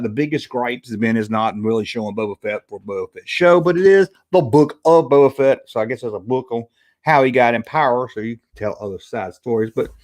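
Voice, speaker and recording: A man's voice: mid-range voice, a little mellow. A man hosting a casual livestream review, rambling and reading viewer chat aloud. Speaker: livestream host.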